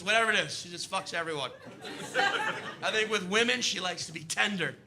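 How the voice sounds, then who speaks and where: A man doing a stand-up comedy set on a club stage, profane and animated, acting out characters. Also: high voice, a little fast, crowd noise.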